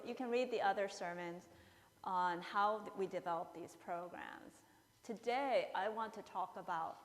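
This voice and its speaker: A woman in her fifties, a pastor preaching a sermon and telling a story in a lively way, acting out the people in it. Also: mid-range voice. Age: 50s. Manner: storytelling, acting out characters with playful asides. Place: church sanctuary. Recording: long church reverb.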